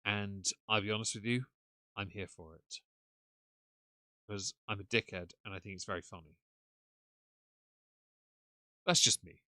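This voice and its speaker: Low sarcastic guy doing stream commentary, dry close mic. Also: fairly even intonation, unhurried, long pauses, sharp tone, no echo. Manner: sarcastic, mocking. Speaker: live-stream host. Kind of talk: casual live-stream commentary.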